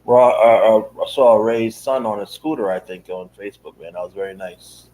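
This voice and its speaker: A man co-hosting a wrestling podcast, chatting in a relaxed way and answering with short affirmations. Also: fairly low pitch, normal speed, low-quality recording. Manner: laid-back, short affirmations. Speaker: podcast co-host. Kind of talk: casual live-stream chat.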